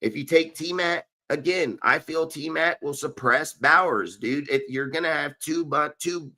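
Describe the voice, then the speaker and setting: A man in full sports-rant mode, swearing constantly and arguing his point with heat. His voice sits fairly high for a man and comes out bright and forceful. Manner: profane, fired-up, argumentative. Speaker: podcast host. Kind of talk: heated sports talk rant.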